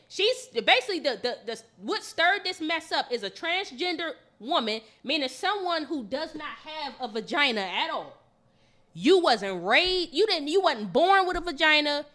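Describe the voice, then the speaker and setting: A woman co-hosting a podcast in casual chat, telling stories in an animated, emphatic way. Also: sits high, moderate pace. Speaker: podcast co-host.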